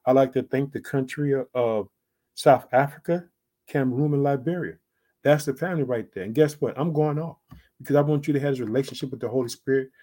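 A man preaching an online sermon with emphatic asides, swinging between loud and soft, drawing out key phrases slowly. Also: medium pitch. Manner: emphatic, repeats "guess what" and "check it out".

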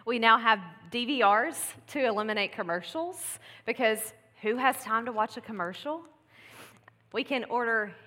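Slightly high, bright and forceful, a woman's voice delivers a casual Mother's Day message, chatting and laughing in asides. She is the pastor's wife, speaking in a church sanctuary that gives a long hall reverb.

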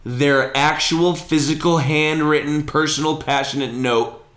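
A man's voice: a little high, fairly even intonation, unhurried, fairly bright tone. A young man co-hosting a casual sports podcast, joking and emphatic in his banter. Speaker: podcast co-host. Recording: roomy echo.

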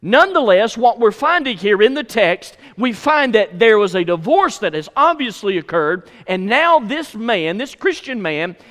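Man, pastor preaching, high voice, emphatic repetition, hall reverb. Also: a bit bright. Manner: emphatic, repeats phrases for stress. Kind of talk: sermon. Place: church sanctuary.

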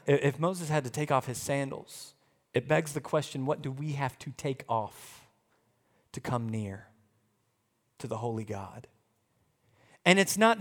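A pastor preaching a sermon in a conversational way, shifting between hushed and loud passages. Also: male voice, a little high. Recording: long hall reverb.

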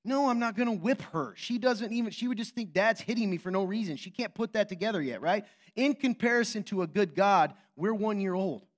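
A man in his thirties preaching a sermon as pastor, telling a story with swings between hushed and loud delivery. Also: high voice, animated, brisk, few pauses.

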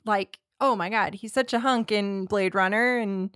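A woman's voice: mid-range voice, steady tone, normal speed, fairly bright tone, clear, resonant tone, no room sound, clean studio sound. A woman co-hosting a casual film podcast, chatty and rambling, with frequent restarts and laughter. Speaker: podcast co-host.

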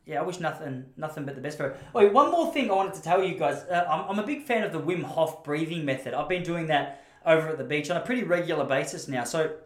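Fast-talking Australian man telling stories. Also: fairly high pitch, expressive, a bit bright. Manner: chatty, rambling, self-deprecating. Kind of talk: casual storytelling monologue. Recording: roomy echo.

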